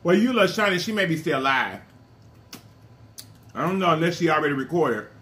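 A man's voice: fairly high pitch, sing-song, a bit bright. A man hosting an eating vlog, talking playfully to his viewers between bites. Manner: playful, addresses viewers as y'all, food-filled pauses. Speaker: mukbang vlogger. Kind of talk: casual chat while eating on camera.

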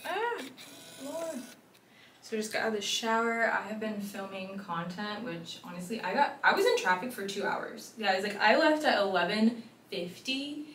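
A woman's voice: medium pitch, moderate pace, fairly bright tone. Young woman vlogger, chatty and rambling, faint room hum behind. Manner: chatty, rambling, laughing often. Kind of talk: casual vlog chat. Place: home, indoors. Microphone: phone or camera held close. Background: air conditioner hum.

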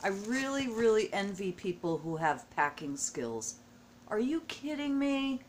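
A middle-aged woman from the United States opens a package on a casual home vlog, gushing emotionally. She speaks at a medium pitch in a sing-song way, a little slowly, with slight background noise indoors.

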